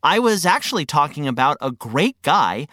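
A woman voicing a friendly, patient male guide who gently explains things. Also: low-pitched, very animated, moderate pace, no echo, clean studio sound, exaggerated voice. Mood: gentle.

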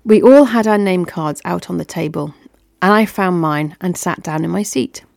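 Upbeat woman chatting away on her podcast, kinda gravelly, dry sound. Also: fairly low pitch, normal speed, darkish tone, dry recording. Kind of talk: casual personal storytelling.

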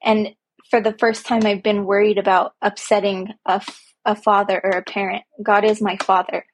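Over slight background noise, a podcast host, a parent aged young adult to middle-aged, delivers a heartfelt, reflective monologue about her own life, repeating herself for emphasis. She keeps a level tone, medium pitch, and normal speed.

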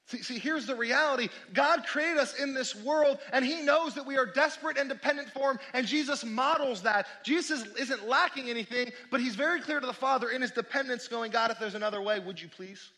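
A man preaching a sermon to his church, swinging between loud exclamations and quiet, low asides. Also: fairly quick, hardly any pauses. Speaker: pastor.

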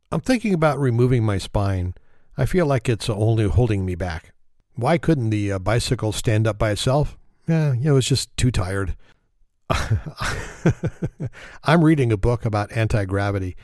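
Low-voiced man chuckling through dad jokes. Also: lively intonation, moderate pace, a little mellow, no echo, clean studio sound. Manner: self-mocking, chuckles at his own jokes. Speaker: joke teller. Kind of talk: telling dad jokes to camera.

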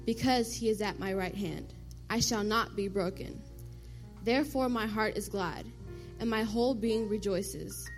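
A woman reading a scripture passage in a church in a measured, formal way, then offering a short blessing. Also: medium pitch, faint music behind.

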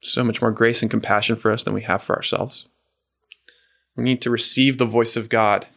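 A man's voice: medium pitch, level tone, gravelly, fairly bright tone. Earnest male preacher giving a sermon. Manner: earnest, slow and emphatic, asks the audience questions.

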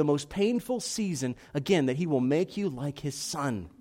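A pastor with a notably high voice preaches in his church sanctuary. He swings between soft, confiding passages and loud, urgent declarations. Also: lively intonation, moderate pace, few pauses. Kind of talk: sermon.

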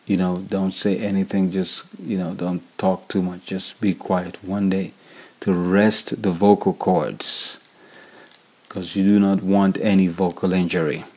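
Nigerian man with a mellow, low voice. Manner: repetitive, restates key points, frequent fillers. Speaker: worship leader podcast host. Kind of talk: casual instructional talk.

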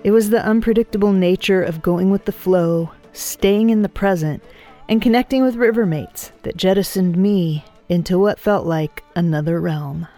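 Mellow-voiced woman narrating calmly. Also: on the low side, normal speed, soft background music. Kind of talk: scripted narration and interview.

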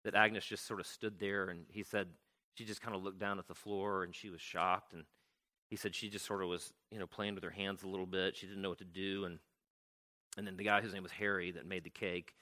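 Chatty man telling a story, bright voice. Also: sits low, flat delivery, brisk. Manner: loose and chatty, many fillers and restarts. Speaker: speaker retelling a story. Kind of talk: conversational storytelling talk.

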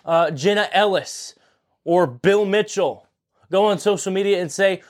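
A young man in his twenties with a slightly higher voice talks straight to his listeners as host. He is earnest and pleading, hammering points home by repeating them. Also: unhurried. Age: 20s. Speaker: podcast host. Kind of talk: impassioned political monologue.

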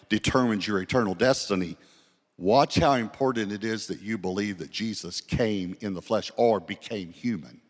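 Male pastor, sermon delivery, slows for scripture, large reverberant hall. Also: on the low side. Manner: storytelling, slows down to read scripture.

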